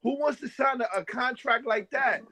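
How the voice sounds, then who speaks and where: Very high-voiced man challenging hard. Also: moderate pace, heavy background noise. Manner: interrupting, challenging, repeats "time out". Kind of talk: heated debate on a livestream.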